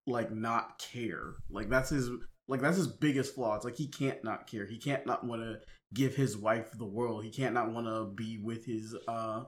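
Podcast co-host, man, halting and rambling, casual film talk. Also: mid-range voice, fairly even intonation. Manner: halting, many restarts and fillers. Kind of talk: casual movie discussion.

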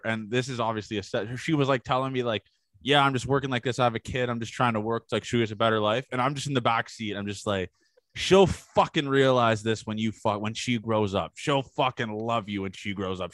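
A man's voice: medium pitch, fairly bright tone, no echo. A man on a podcast telling rambling party stories in casual chat, swearing often and acting out what people said. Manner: rambling storyteller, swears a lot, acts out quotes. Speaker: podcast co-host.

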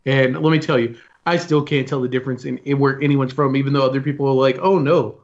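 A man's voice: mid-range voice, level tone, fast talker. A man in a casual chat, making dry, joking asides. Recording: dull lo-fi sound.

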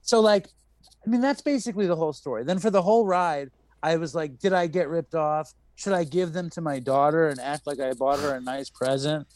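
This New York City podcast host talks fairly quickly in a voice on the high side. He tells a story in loose conversation, animated throughout, impersonating the characters and swearing liberally.

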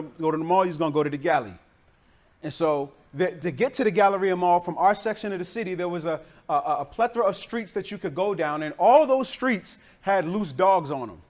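A man preaching a sermon, telling a childhood story in a casual, slangy, animated way, originally from the northern United States. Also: sits high. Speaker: pastor.

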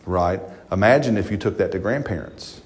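A man, a pastor preaching a sermon in church in a folksy, animated way full of rhetorical questions. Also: deep voice, moderate pace, crowd noise.

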